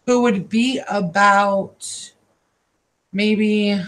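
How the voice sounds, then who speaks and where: A woman doing a live-streamed psychic reading from her own room. She talks haltingly and emotionally and repeats herself often. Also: mid-range voice, fairly even intonation, a bit bright. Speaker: psychic card reader.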